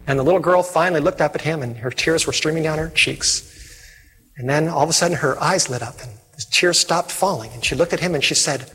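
Husky, fervent preacher in a big hall. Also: male voice, on the high side, quick pace, sharp tone. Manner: fervent, call-and-response. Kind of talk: evangelistic sermon. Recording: reverberant hall with faint music.

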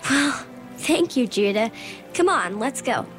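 A woman's voice: on the high side, very animated, takes it slowly, a bit bright, soft background music, heavily acted. A woman playing an earnest, polite young woman who runs interviews in an audio drama. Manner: polite and earnest, giggly when nervous.

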